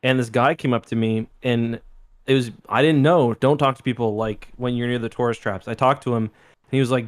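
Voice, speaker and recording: A man's voice: mid-range voice, steady tone, fairly quick. A man from Canada co-hosting a podcast, telling rambling stories in casual chat with some swearing. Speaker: podcast co-host.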